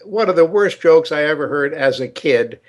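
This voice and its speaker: An older man hosting a podcast, talking casually and telling a joke with halting repetitions. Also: on the high side, expressive. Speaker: show host.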